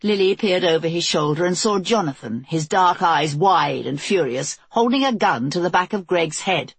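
Husky woman narrating a thriller. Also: fairly low pitch, expressive, moderate pace, no echo. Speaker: audiobook narrator. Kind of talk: scripted narration.

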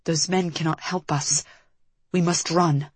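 Lady doing a low urgent guy, protective, dry close sound. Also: drawn-out words, husky, no echo, full character voice.

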